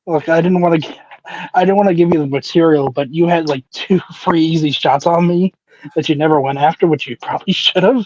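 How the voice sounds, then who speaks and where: A man co-hosting a wrestling show who teases himself with laughing banter. His voice sits a little higher than most men's, and it comes through dull, lo-fi audio. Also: brisk, darkish tone, dry recording. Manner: self-mocking, laughing banter. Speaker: wrestling podcast co-host. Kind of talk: casual chat.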